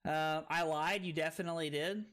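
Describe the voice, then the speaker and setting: A young woman streaming and commentating a card game tournament, animated and quick to laugh. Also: low voice.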